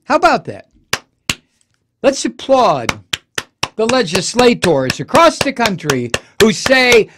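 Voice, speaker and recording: A man's voice: sits high, wildly swooping pitch, slow pace, long pauses, noisy background. A man hosting a political talk radio show, delivering an impassioned, profane and sarcastic monologue.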